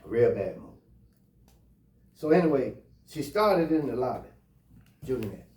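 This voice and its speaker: A man's voice: mid-range voice, big pitch swings, unhurried, a little mellow. A man telling a personal anecdote in a casual, blunt and heated way, with lots of cursing. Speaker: storyteller. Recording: roomy, distant mic, faint music.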